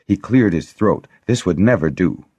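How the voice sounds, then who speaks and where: A man narrating an audiobook in a deep, husky voice with a lively, rolling melody. The recording is dry and close. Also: normal speed, no echo. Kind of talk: scripted narration.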